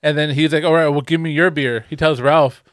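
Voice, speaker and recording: A man's voice: on the high side, steady tone, a little fast. A young man telling a rambling, profane story in casual podcast chat, laughing often. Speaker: podcast co-host.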